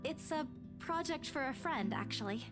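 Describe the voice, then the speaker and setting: A man's voice: extremely high pitch, expressive, normal speed, over music, pitched above the performer's own voice. A man voicing a kind, nervous young woman who hesitates and stammers, reading a visual novel aloud. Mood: friendly.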